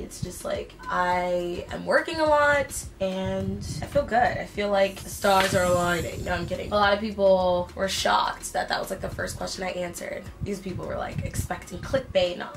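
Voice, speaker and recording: A woman's voice: medium pitch, background noise. A young woman chatting casually and playfully in slang while doing her makeup at home for her vlog. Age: young adult. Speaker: beauty vlogger. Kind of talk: casual get-ready-with-me chat.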